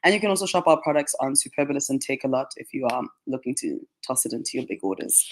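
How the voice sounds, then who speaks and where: In a radio studio, a skincare brand's marketing manager answers interview questions as a guest, explaining skincare chattily with frequent laughs and many "like" fillers. Her mid-range voice is animated, and she talks fast.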